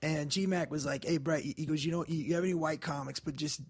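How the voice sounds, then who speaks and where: A man with a high, husky voice tells stories as a guest comedian. He talks in a loose, profane way and jumps into loud impressions of the people he quotes. The talk is a relaxed studio podcast. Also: fast. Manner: animated, profane, acts out quotes loudly. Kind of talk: casual storytelling.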